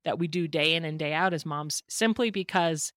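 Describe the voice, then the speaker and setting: A woman hosting a podcast, with a low, deep voice and an affirming, encouraging way of speaking. The sound is dry and close, with no room echo. She talks in a relaxed, conversational tone. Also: normal speed. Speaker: podcast host.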